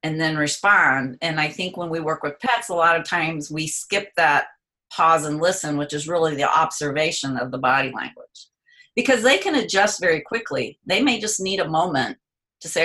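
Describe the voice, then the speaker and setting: A woman with a low-pitched yet bright, forward voice talks through animal behavior on a call. She explains patiently and now and then slips into a dog's point of view. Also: normal speed. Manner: explanatory, acts out a dog's thoughts in quotes. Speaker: pet behavior expert guest. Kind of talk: conversational interview. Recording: voice on a call line.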